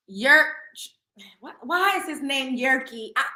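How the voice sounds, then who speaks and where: A woman's voice: high voice, pushed and bright, reverberant. A woman hosting a celebrity gossip show in casual chat, blunt and profane, often tripping over repeated words.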